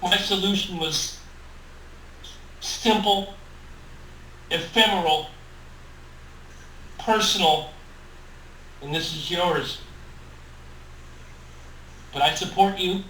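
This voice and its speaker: A man's voice: high-pitched, very slow, pauses often, pushed and bright, full character voice. A man voicing a remorseful, devoted male adventurer in a tabletop role-play, speaking earnestly and with passion. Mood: solemn. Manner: earnest, impassioned pleading in character. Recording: roomy, distant mic, faint hiss.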